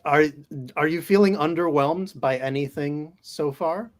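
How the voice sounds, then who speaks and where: A man co-hosting a podcast in casual chat, excitable and animated. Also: on the high side, measured pace. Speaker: podcast co-host.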